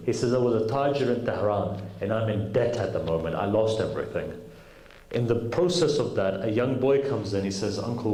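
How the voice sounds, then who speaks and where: A man telling a story in a sermon, acting out each character's lines. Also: lowish voice. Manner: animated storyteller acting out dialogue. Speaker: preacher. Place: mosque hall. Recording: echoey hall.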